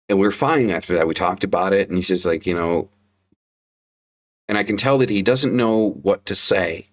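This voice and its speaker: A man with a fairly low voice chats on a livestream, candid and loose. He swears freely and circles back over his own words as he tells a story. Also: steady tone, normal speed, long pauses. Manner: candid, heavy swearing, repeats himself. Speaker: podcast co-host, father. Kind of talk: casual livestream chat.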